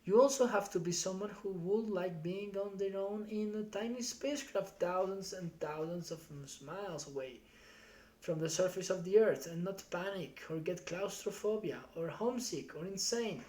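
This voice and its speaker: A streamer reading a novel aloud live in steady first-person storytelling. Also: medium pitch, normal speed.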